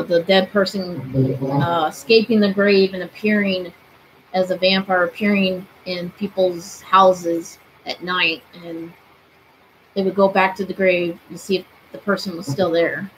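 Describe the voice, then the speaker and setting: A woman in her twenties, a paranormal streamer, broadcasts from her bedroom in a casual live-stream chat, asking spirits questions aloud. Her voice is on the low side, and the poor audio has a little hiss or hum.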